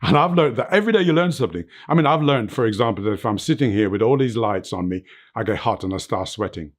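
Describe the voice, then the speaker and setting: A man's voice: on the low side, lively intonation, fast talker. Earnest older man preaching life lessons. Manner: tags points with "right?" and "you know what". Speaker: interview guest, fitness motivator. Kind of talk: reflective motivational interview talk. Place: his home, under film lights.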